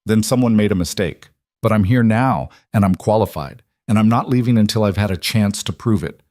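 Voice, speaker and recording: A man's voice: fairly low pitch, a little fast, no room sound, clean studio sound, lightly acted. A man voicing a bold, desperate young woman who answers back sharply. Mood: defiant. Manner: sharp, defiant retorts.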